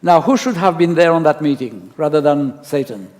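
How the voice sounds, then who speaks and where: Man, pastor, storytelling sermon, rhetorical questions, fairly high voice, long church reverb. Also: animated, normal speed, darkish tone.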